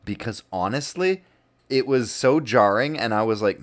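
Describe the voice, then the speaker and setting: A man's voice: medium pitch, animated, normal speed. Chatty male game streamer. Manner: chatty, laughs often, uses fillers and swears. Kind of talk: casual commentary while gaming.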